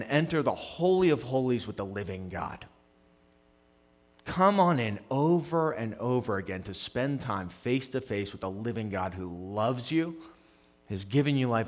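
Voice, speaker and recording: A young adult man preaching a sermon, swinging between loud emphatic passages and hushed quiet ones. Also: mid-range voice, animated, normal speed. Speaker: pastor.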